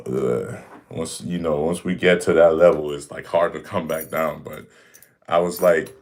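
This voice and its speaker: A young man hosts a casual livestream Q and A from home, answering questions through a desk mic. His rumbling low voice is unhurried with fairly even intonation, and he talks in a laid-back, rambling, blunt way full of slang, "like" and "you know".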